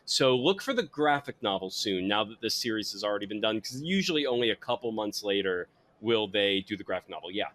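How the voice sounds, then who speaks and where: A man's voice: on the low side, expressive, brisk, hardly any pauses, a bit bright. A man hosting a podcast about wine and comics, talking casually and rambling through his plugs. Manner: rambling, self-correcting plugs. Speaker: podcast host.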